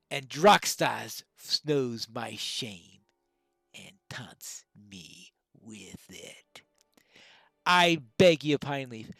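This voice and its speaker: Haunted grieving widow voiced by a woman, solemn game dialogue, dry close sound, lively pitch. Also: creaky, no room sound, full character voice. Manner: solemn dramatic reading, slow and hushed. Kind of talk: reading game dialogue aloud.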